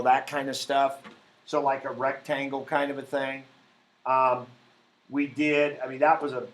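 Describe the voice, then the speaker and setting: A man teaches a math lesson in an echoey classroom, at a middle pitch. His delivery is informal and wandering, with plenty of fillers and sudden emphatic stresses on key words. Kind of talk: classroom lecture.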